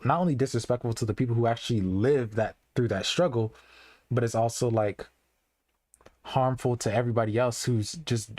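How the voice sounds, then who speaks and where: A man's voice: on the low side, darkish tone, dry recording. A young man talking to his live-stream chat in a loose, earnest way, rambling and restarting often with lots of "like". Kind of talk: casual live-stream commentary.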